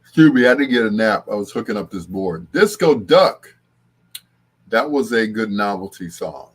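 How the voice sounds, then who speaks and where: A rather low, breathy-edged voice belongs to an older late-night host who speaks a little fast. He rambles in a relaxed, chatty way, chuckles frequently, and now and then bursts into sung snippets.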